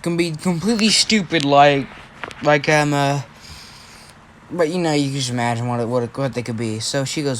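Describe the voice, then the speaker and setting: A man's voice: mid-range voice, steady tone, moderate pace, a bit bright, a little hiss or hum. A man casually telling a fan-fiction story, rambling, restarting and swearing as he goes.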